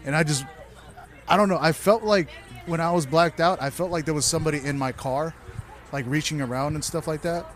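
In casual conversation, a man with a fairly high voice talks a little fast, telling loose, profane, animated stories about wild nights.

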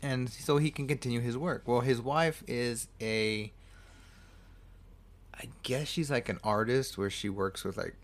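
Casting: laid-back guy with a lowish voice, loose movie recap full of swearing and self-corrections. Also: gravelly. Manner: rambling, swears freely, corrects himself often. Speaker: movie reviewer. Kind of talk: casual film recap.

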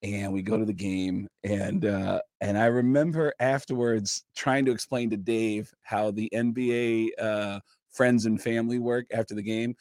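A man guest on a podcast, telling a story in a casual, lively way and jumping into voices. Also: on the low side, normal speed, no room sound, clean studio sound. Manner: lively, acts out voices, lots of fillers. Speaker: comedian guest. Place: podcast studio.

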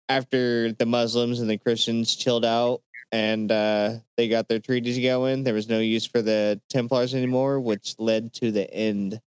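A man with a low, smooth, resonant voice recorded dry and close. He co-hosts a casual podcast and retells history in a loose, profane way, full of fillers. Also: a little mellow, no room sound. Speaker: podcast co-host presenting the research. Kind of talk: casual chat.

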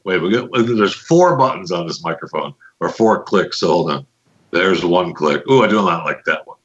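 A man's voice: low voice, fairly bright tone, muffled recording. A man hosting a podcast in a casual, joking way, chatting loosely and fiddling with his mic on air. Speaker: podcast host.

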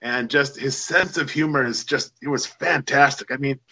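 A man's voice: medium pitch, normal speed, creaky, bright, forceful tone, low-quality recording. A middle-aged man telling rambling, anecdotal stories as a guest in casual conversation. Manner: chatty, anecdotal, many fillers. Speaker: podcast guest. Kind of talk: casual storytelling.

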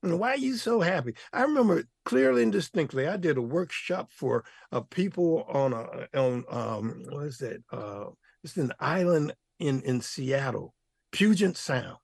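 A man's voice: a little high, expressive, measured pace, gravelly, breathy edge, no room sound, studio quality. An older man, a guest author, telling stories with exuberant energy, laughing often and using playful slang. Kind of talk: animated storytelling interview.

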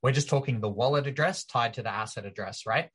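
A man's voice: medium pitch, fast, a bit bright, slightly rough. A man appearing as a guest on a casual podcast, explaining his team's project in eager detail. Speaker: project team member guest. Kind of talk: casual interview chat.

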